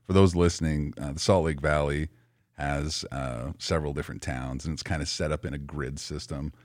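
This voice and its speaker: Very deep-voiced podcast host, measured. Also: male voice, steady tone, no echo, studio quality. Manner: measured, rambling, full of fillers. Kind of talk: casual podcast interview.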